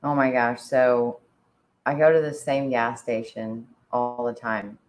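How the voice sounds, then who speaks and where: Casual female co-host with a very low voice; chatty, giggly, rambling. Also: level tone, unhurried, low-quality recording. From Indiana. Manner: chatty, laughs often, says "like" a lot. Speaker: podcast co-host. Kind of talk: casual chat.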